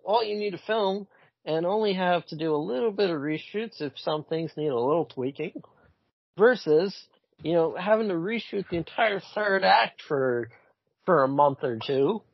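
A man co-hosting a casual podcast, speaking with a husky, breathy edge. He gets animated and blunt, swears freely and restarts his phrases. The sound is dry and a little dull, like a lo-fi home recording. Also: high-pitched, no room sound. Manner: animated, swears, repeats himself. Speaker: podcast co-host. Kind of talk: casual chat.

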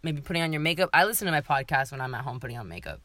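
A woman's voice: low-pitched, expressive, rapid-fire, over a noisy crowd. A young woman co-hosting a podcast, chatting casually with her friend, laughing often and swearing freely. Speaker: podcast co-host. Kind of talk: casual chat.

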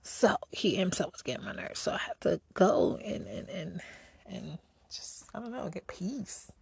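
Gravelly, husky woman venting. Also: on the low side, animated, a little slow. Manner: candid, conversational, rhetorical asides. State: out of breath. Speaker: vlogger. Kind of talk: casual personal vlog rant.

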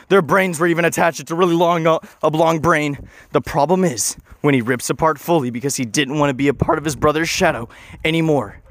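A man's voice: a little high, a bit bright, no echo. Rambling man spinning a wild tale. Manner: rambling, self-correcting, joking asides. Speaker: storyteller. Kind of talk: casual improvised storytelling.

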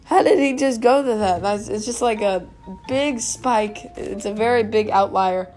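A woman's voice: mid-range voice, measured pace, a little mellow, faint music behind. A young woman hosting a casual solo podcast from home, rambling with self-mocking asides. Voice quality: creaky vocal fry. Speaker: podcast host.

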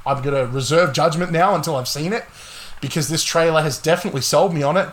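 A young man hosting a casual gaming podcast, talking excitedly and swearing a lot. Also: a little high, quick pace. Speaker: podcast host.

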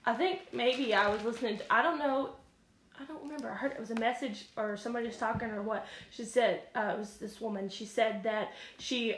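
A woman chats casually as a podcast co-host, often pausing and restarting her thoughts. Her voice sits a little high. The room is echoey, with a faint hiss behind her. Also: steady tone. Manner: rambling, many fillers and restarts. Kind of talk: casual church discussion.

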